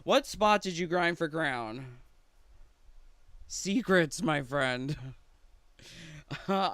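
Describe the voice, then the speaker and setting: A man's voice: medium pitch, fairly bright tone, smooth, dry recording. A man streaming a game and chatting casually with viewers, rambling and laughing often between remarks. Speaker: gaming streamer. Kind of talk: casual chat with live viewers.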